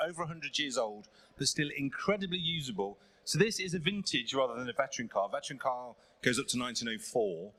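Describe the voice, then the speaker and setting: A man's voice: mid-range voice, sharp tone. A man presenting a classic car at an auction, enthusiastic and joking.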